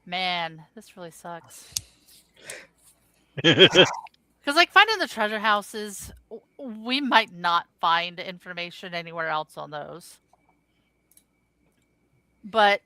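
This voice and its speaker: A woman's voice: on the low side, animated, takes it slowly, pauses often, pushed and bright, clear, resonant tone, no room sound. A woman playing in a tabletop game, musing over her character's choices. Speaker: player. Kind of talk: casual tabletop play.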